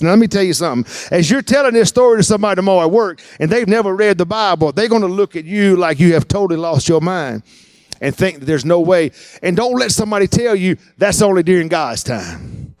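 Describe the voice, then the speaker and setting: A man preaching a sermon, animated and acting out the voices he quotes. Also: high-pitched, quick pace, no room sound, studio quality. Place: church.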